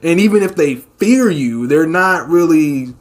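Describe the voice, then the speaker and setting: A man casually reacting to a manga chapter, swearing freely and hamming up the characters' lines in quick put-on voices. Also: fairly high pitch, animated.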